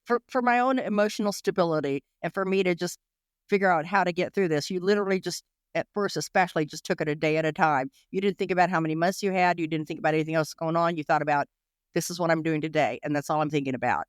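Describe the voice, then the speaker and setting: Woman interview guest, mid-pitched, rapid and emotional, lots of restarts, dry close recording. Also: no echo. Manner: rapid, emotional, full of restarts and "you know". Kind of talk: candid interview recollection.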